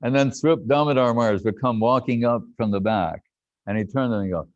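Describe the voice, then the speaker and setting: An older man reminiscing in a lively storytelling talk, laughing and acting out what others said. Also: medium pitch, fast, no echo. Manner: animated, laughing, acts out quotes. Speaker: devotee recounting memories. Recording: dull lo-fi dry sound.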